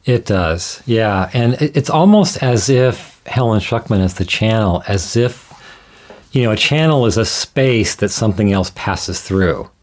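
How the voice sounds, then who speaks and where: A man explaining ideas in a measured, thoughtful way, often restarting his sentences as he talks things through. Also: fairly low pitch, animated, a little mellow. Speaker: guest scholar. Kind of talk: conversational explanation.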